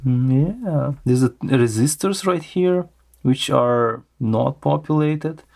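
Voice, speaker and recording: A man with a delivery talks slowly through a hands-on electronics teardown. His voice sits at a middle pitch, and he muses aloud with plenty of fillers and restarts. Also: gravelly, darkish tone. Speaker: electronics teardown channel host. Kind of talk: casual hands-on teardown commentary.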